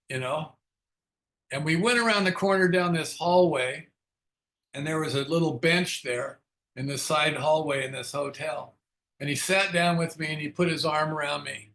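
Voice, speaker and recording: A man's voice: medium pitch, pushed and bright. An older man leading a recovery book study, telling his own story in a frank, self-mocking way with frequent chuckles. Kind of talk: candid storytelling talk.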